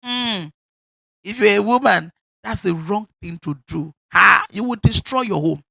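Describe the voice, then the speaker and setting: This Nigerian-accented preacher's voice is medium in pitch, gravelly, bright and forceful, animated yet measured in pace, with no echo. He gives an emphatic sermon at a church service, laughing frequently and driving home key phrases by repeating them.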